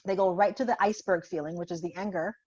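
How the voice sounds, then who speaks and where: A woman talks through a parenting point in a relaxed conversational interview. She slips into little acted voices of parent and child as she tells her stories. The sound is somewhat muffled and lo-fi, as if over a video call. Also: fairly low pitch, fast. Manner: animated storyteller acting out parent and child. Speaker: guest parenting expert. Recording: muffled lo-fi audio.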